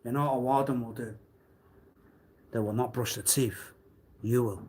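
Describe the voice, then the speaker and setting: A man on a live stream delivering a rambling, accusatory monologue, swinging between loud outbursts and low muttering. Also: steady tone, normal speed, slightly rough. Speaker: livestreamer.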